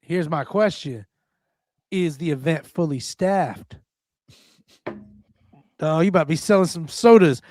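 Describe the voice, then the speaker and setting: A male stand-up comedian on a radio show, telling stories in an animated way and acting out the scenes. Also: fairly high pitch, a little slow, long pauses.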